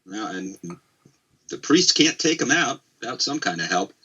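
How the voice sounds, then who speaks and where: A man's voice: medium pitch, big pitch swings, normal speed, sharp tone, breathy edge, dull audio. A man casually commentating a card game tournament, chatty and rambling, with jokes along the way. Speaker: esports commentator.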